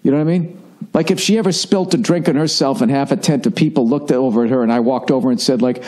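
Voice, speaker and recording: A man in his forties talks alone into a podcast mic, swearing freely and poking fun at himself as he rambles from story to story. His voice sits at an ordinary middle pitch, loose and conversational. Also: quick pace, dark tone. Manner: profane, conversational, self-deprecating storytelling. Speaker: podcast host. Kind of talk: rambling comedic monologue.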